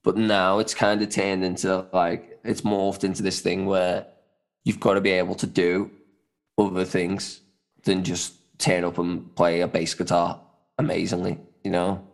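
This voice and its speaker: A man's voice: sits low, monotone, a little slow, gravelly. A young adult man co-hosting a casual podcast chat, rambling loosely with lots of "you know" and "man". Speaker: podcast co-host.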